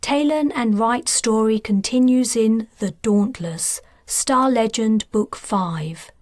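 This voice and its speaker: A woman narrating her own science fiction audiobook in a calm, measured storytelling voice on a close mic. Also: on the high side, no echo. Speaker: author and narrator.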